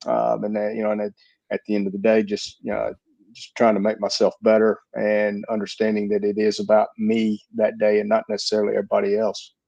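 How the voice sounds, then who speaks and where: A man who is a guest on a podcast, reflecting in a halting way with many fillers. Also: on the low side, monotone, vocal fry, dark tone, no echo. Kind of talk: casual podcast interview. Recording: dull lo-fi sound.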